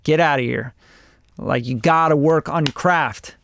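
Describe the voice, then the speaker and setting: A man's voice: medium pitch, moderate pace, gravelly, a bit bright, a little hiss or hum. A man reviewing songs on a casual live stream, blunt and profane, often acting out other people's voices. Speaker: music producer reviewing songs.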